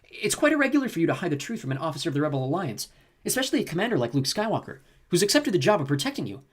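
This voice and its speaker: A man's voice: fairly high pitch, sing-song, rapid-fire, pitched above the performer's own voice. A man voicing a prim, reproving male robot in an audiobook.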